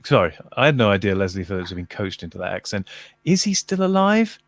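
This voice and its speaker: Man, low voice, hesitant with lots of ums, dry close sound. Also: sing-song, quick pace, no echo. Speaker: video creator. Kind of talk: casual chat.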